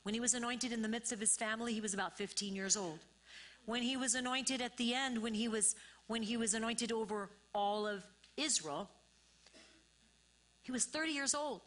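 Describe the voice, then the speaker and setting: Bright-voiced woman preaching with fervor. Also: on the high side, normal speed. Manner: preaching with rising emphatic bursts and repeated phrases. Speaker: pastor. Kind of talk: sermon.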